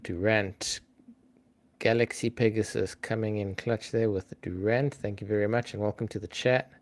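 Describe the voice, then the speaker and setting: Guy running a trivia stream, lowish voice, chatty, talks to chat and thinks out loud. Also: steady tone, moderate pace. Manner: chatty, thinks aloud, reads out names and greets viewers. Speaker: live-stream trivia host. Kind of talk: casual live-stream chat.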